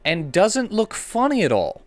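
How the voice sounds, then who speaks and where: A man narrating as game master of a comedic tabletop game, playful and animated. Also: high-pitched, a little slow, over music.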